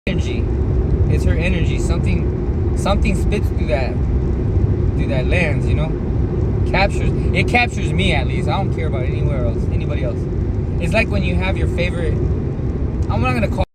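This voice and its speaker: A man with a Northeastern US accent chats loosely on his road trip livestream, his voice sitting high for a man. Heavy road and engine noise from the moving car runs under everything he says. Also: moderate pace, long pauses. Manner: loose, animated, greets chat viewers. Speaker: livestream host.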